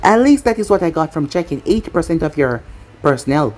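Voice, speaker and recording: A cocky, overpowered young ninja man, casual and matter-of-fact in a storybook reading, as a woman narrator reads his lines. The voice sits low for a woman, and it swings a lot in pitch. It has a husky edge. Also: very animated, brisk, darkish tone.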